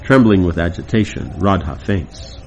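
A man's voice: low-pitched, animated, moderate pace, creaky, highs cut off, a little hiss or hum. A man reading a devotional play aloud to a class, breaking off for casual comments. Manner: plain reading broken by chatty comments.

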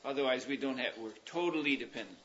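A man leading a religious class, explaining ideas at length in a thoughtful, meandering way with pauses and fillers. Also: mid-range voice, fairly bright tone, slight background noise. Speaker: spiritual teacher leading a class. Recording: dull lo-fi recording.

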